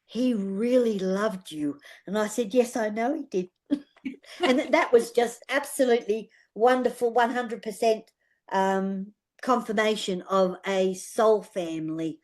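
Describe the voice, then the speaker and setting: A woman's voice: on the high side, unhurried. Older Australian woman, interview guest, heartfelt storyteller, repeats phrases. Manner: earnest, heartfelt, repeats phrases, uses fillers. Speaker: guest, aura healer.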